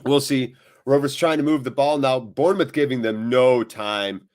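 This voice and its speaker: A man hosting a live football watchalong, commentating on the match and chatting with viewers, with loud reactions to big moments. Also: medium pitch, moderate pace, slight background noise. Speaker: watchalong host.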